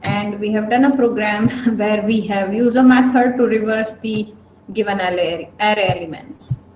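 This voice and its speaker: This time the lecturer's voice is mid-range and darkish, with a steady tone and a moderate pace. She's teaching programming online and often pauses to check that students follow. The recording has room echo and faint noise.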